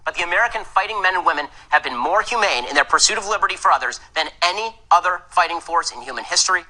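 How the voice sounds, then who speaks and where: A man's voice: high voice, lively intonation, bright, forceful tone, rough recording. A man in a played clip, a political commentator with confident, combative debate talk. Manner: confident, combative, fast-talking. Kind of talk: rapid-fire debate talk.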